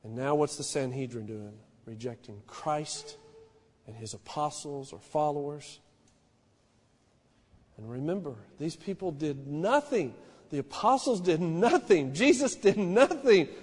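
Impassioned high-voiced male preacher. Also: lively intonation, unhurried, slightly rough, in a large hall. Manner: impassioned, swings from hushed to loud. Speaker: pastor. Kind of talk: sermon. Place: small church.

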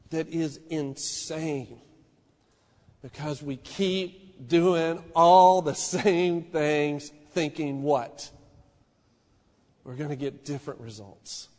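A man preaching a sermon in a small church, impassioned, swinging from hushed to loud. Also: fairly high pitch, big-room sound. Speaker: pastor.

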